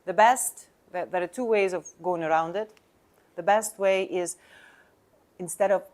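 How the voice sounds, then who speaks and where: A woman's voice: fairly low pitch, normal speed, a little mellow. A woman coaching real estate agents on sales talk, speaking emphatically in non-native English and asking the listener rhetorical questions.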